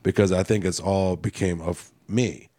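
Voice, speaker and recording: Deep-voiced joking man in casual chat. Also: steady tone, normal speed, dark tone, dry recording, clean studio sound. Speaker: roundtable guest. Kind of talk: casual roundtable discussion.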